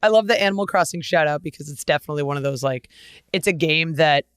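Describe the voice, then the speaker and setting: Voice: mid-range voice, quick pace, a bit bright, clean tone, no room sound, clean studio sound. A podcast host chatting casually with a guest, upbeat, laughing often and teasing playfully. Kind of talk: casual interview chat.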